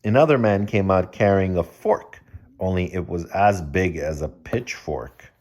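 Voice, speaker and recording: A man's voice: deep voice, measured pace, darkish tone. A man reading a children's picture book aloud, breaking off for joking asides to the kids listening. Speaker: children's story reader.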